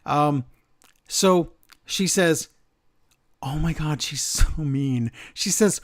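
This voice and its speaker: A man hosting a wrestling podcast, recapping the show in an animated way and acting out quotes. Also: a little high, slow, long pauses. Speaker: podcast host. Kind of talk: casual chat recapping wrestling.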